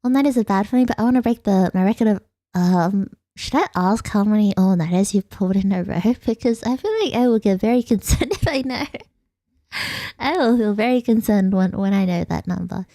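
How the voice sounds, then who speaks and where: A woman's voice: mid-range voice, a little fast, mellow, no echo, studio quality. A young Australian woman streaming a casual late-night chat, rambling and giggling as she answers her viewers. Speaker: vtuber streamer.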